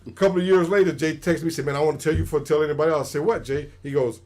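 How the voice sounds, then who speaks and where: A middle-aged man with a fairly high voice tells war-shop stories in a loose, chatty way. He slips into the other people's voices as he quotes them, keeping the telling lively. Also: racing. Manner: animated, acts out quoted dialogue. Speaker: retired special forces soldier, guest. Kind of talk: casual storytelling on a livestream.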